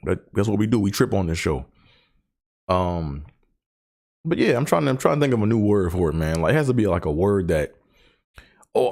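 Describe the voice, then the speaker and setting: A man's voice: lowish voice, darkish tone. A man hosting his own show, talking casually and rambling about stuttering, with many fillers, repeated words and the stutter he lives with. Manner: person who stutters. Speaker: podcast host. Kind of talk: casual solo chat.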